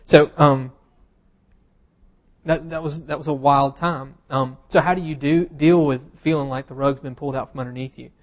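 A man preaching a sermon in a relaxed, conversational way, with wry humorous asides and plenty of fillers. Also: on the high side, moderate pace. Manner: casual and self-deprecating, with humorous asides and frequent fillers.

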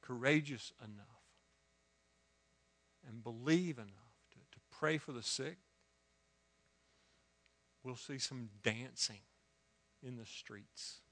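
This sermon comes from a man with a mid-range voice who speaks slowly and pauses often. He tells a story with lively swings from soft asides to loud exclamations, restarting words frequently.

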